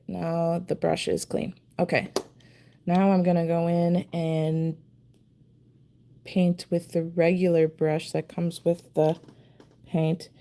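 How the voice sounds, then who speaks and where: A woman talks slowly through a casual live stream while she paints her nails. Her voice is low, mellow and gravelly. She mutters to herself with self-deprecating asides as she concentrates. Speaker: nail art streamer.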